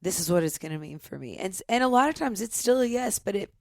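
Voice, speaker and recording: A woman's voice: medium pitch, expressive, fast talker, creaky, darkish tone, no room sound, clean studio sound. Earnest woman in her forties. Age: 40s. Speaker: podcast guest. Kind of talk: casual conversation.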